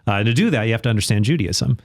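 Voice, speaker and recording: A man, a Catholic apologist guest on a podcast, telling stories in quick, chatty bursts with many restarts. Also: medium pitch, lively intonation, vocal fry. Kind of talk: casual podcast chat.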